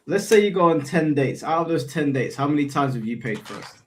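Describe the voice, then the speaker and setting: A man's voice: fairly high pitch, expressive, a little fast, background noise. A man hosting a casual panel debate, pressing a guest with repeated questions. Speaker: host.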